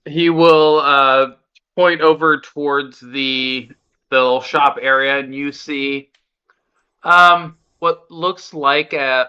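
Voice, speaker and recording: A man running a tabletop game, speaking slowly in a very bright, smooth voice, pausing often with fillers. The recording is clean-edged but somewhat dull and lo-fi. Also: mid-range voice. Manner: unhurried, filler-heavy, casual. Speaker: game master.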